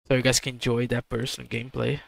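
A man's voice: medium pitch, monotone, quick pace, vocal fry, no echo. A man streaming live, casually talking to his viewers in a laid-back way.

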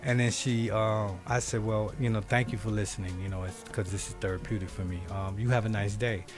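A man in his fifties, a talk show guest, telling his story in animated, streetwise talk. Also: lowish voice, brisk, over music. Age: 50s. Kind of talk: casual talk-show conversation.

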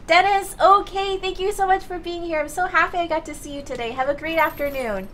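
A young woman streaming a video game live, chatting and joking, then breaking into excited shrieks and laughter when the action heats up. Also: very high voice, brisk, a little hiss or hum. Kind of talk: live gameplay commentary.

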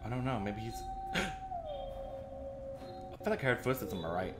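A man doing let's-play commentary on a horror game, jumpy and excitable and laughing often. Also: mid-range voice, moderate pace. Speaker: gaming streamer. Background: game music.

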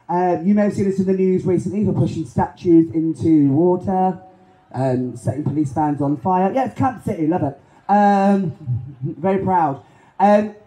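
A man performing in drag at a pride event, doing camp, sassy joking banter to the crowd in a hoarse voice. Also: high voice. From London. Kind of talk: stage banter between songs. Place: outdoor pride festival stage. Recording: echoey PA over loud music.

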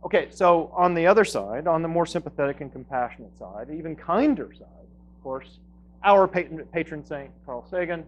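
A philosophy professor giving a talk to a live audience, with dry, wry humor and lively emphasis in his lists. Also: fairly high pitch, normal speed, highs cut off. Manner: dry wry humor, laughs at own jokes.

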